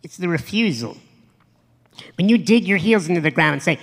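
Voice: mid-range voice, animated, moderate pace, creaky, a bit bright, in a large hall. A motivational speaker giving a live stage talk to an audience, blunt and profane, emphatic, acting out quoted voices.

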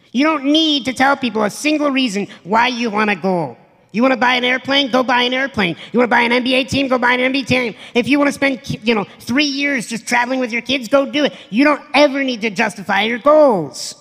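Blunt, profane motivational speaker, gravelly voice. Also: high voice, fairly bright tone, long reverb tail. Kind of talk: live motivational stage talk.

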